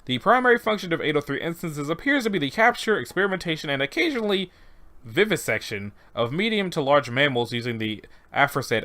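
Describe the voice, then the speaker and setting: A man reading horror fiction aloud, deadpan, with sarcastic asides and quick self-corrections. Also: medium pitch.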